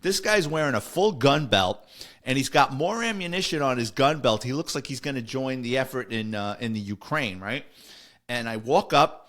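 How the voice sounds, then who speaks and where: An older man, a retired police officer, tells stories on a podcast in a rambling style packed with fillers and self-corrections. His medium-pitched, slightly bright voice has lively intonation and a moderate pace.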